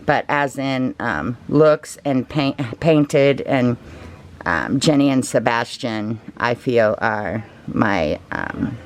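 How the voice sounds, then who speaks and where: A woman chatting casually and gushing softly, laughing often as she shows off her collection. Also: very deep voice, expressive, takes it slowly. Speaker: reborn doll collector. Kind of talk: casual show-and-tell vlog.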